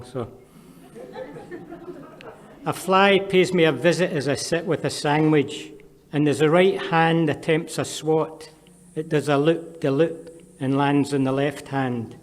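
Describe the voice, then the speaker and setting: Scottish poet, man, fairly high voice, dry wit, live reading in a reverberant hall. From Scotland. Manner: dry, wry asides between poems. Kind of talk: poetry reading. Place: performance venue with long reverb.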